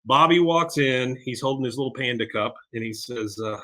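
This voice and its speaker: A middle-aged man recapping a cartoon episode on his podcast, rambling along with plenty of fillers. His voice is bright and forward. He keeps it loose and casual. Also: mid-range voice, normal speed. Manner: rambling, with many fillers and laughs. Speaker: podcast host.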